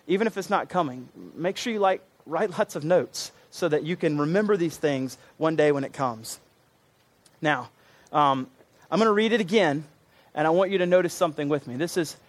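A man preaching a sermon to his congregation, earnest and emphatic, often repeating himself for weight. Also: a little high. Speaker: pastor.

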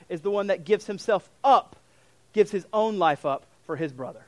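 Young male pastor with a high voice, lively preaching style, restarts and fillers, dry close sound. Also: unhurried, no room sound. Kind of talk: sermon.

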